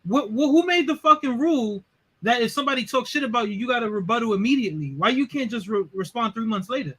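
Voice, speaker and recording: High-voiced man ranting. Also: quick pace, husky, rough recording. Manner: animated, ranting. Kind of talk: casual chat.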